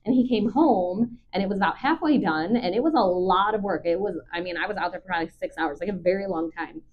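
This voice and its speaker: A woman dog trainer calmly talking through a training session, chatty and patient with frequent ums. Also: mid-range voice, quick pace. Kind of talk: live dog training commentary. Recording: dull lo-fi recording.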